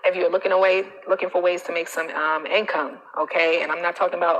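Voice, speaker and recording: A woman coach hosting a casual live stream, animated and emphatic, with a preachy manner full of slang asides. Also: lowish voice, fast talker, few pauses, low-quality recording.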